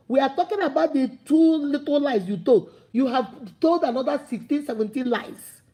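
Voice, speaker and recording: At a moderate pace, a motivational speaker with a high, mellow, soft-edged voice delivers a preachy, animated talk. Along the way she acts out imagined people's voices to make her points.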